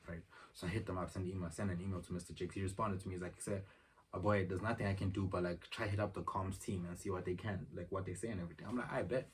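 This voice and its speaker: A young man telling a rambling, slangy story in a casual vlog, acting out the back-and-forth of conversations, filmed at home on his phone. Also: low-pitched. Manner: rambling, slangy, retells exchanges in dialogue. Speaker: vlogger. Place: room at home. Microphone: phone camera. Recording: distant phone mic, faint noise.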